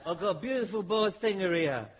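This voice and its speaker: A man's voice: high-pitched, lively intonation, a little fast, a faint crowd. An actor playing a brash male showbiz agent with rambling, slangy sales patter in a 1950s radio comedy. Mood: pushy. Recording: dull 1950s radio broadcast with loud hiss.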